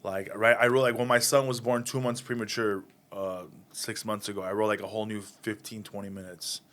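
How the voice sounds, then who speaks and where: A man's voice: lowish voice, fairly quick. A man in his thirties, a stand-up comedian, telling anecdotes in a casual interview and acting out the people in them. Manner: animated, acts out voices in anecdotes.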